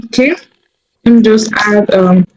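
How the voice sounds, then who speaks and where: A woman teaching a coding tutorial over a screen recording, thinking aloud slowly with many fillers and small self-corrections. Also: mid-range voice, darkish tone, lo-fi sound.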